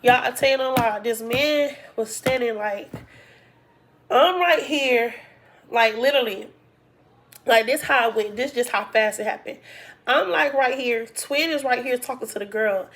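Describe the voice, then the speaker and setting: A woman casually telling viewers a personal story in an animated, colloquial way, using "y'all" and "like" a lot. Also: on the high side, measured pace, slight background noise. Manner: animated, acts out quoted dialogue, heavy use of "like". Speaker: storytime vlogger.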